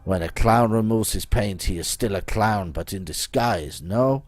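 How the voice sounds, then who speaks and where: A man's voice: fairly low pitch, unhurried, natural voice. A man voicing a grand, scheming male hacker with a put-on French accent, who talks about himself in the third person. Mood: grave.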